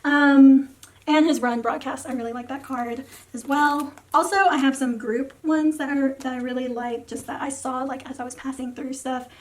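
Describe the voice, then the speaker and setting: A young woman with a sore, tired throat, chatting in a rambling way about her collection, with lots of fillers and soft trailing words. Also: high-pitched, fairly even intonation, moderate pace, a little hiss or hum. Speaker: photocard collecting vlogger. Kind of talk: casual rambling vlog talk.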